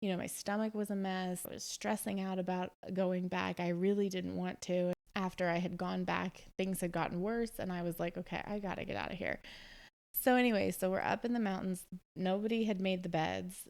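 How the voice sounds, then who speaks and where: Chatty woman with a creaky voice. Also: on the low side, steady tone, brisk, hardly any pauses, a little mellow. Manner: chatty, many fillers and quoted dialogue. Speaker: podcast host. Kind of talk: casual storytelling chat.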